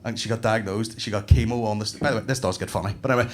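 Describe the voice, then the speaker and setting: A man's voice: on the low side, very fast, slight background noise. A man in his thirties with a Northern Irish accent, doing a stand-up comedy set on a comedy club stage and telling stories with plenty of swearing. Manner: swearing, animated storytelling.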